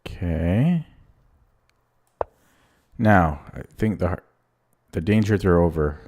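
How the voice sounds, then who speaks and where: A chess streamer, a man, gives live commentary while playing online chess, thinking aloud in short, anxious fragments and worried asides. His voice is fairly low with a darkish tone, and he speaks slowly, often stopping mid-sentence to think.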